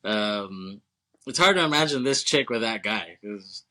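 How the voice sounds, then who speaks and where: A man with a bright, forward voice chats casually on a movie podcast. He laughs often, swears freely and acts out bits of the film as he retells it. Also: fairly low pitch, lively intonation, measured pace. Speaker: podcast co-host.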